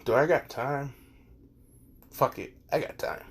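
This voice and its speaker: A man's voice: medium pitch, measured pace, breathy edge. A man voicing a blunt, cool-headed teenage boy hero who talks in curt, casual slang and swears. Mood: laid-back.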